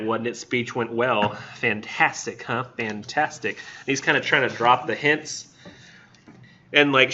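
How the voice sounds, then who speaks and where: A man's voice: medium pitch, sharp tone. A male literature instructor retelling a story in a casual classroom lecture, full of "like" and "um", on a dull lo-fi recording. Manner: informal, retells the story with many fillers like "like" and "um".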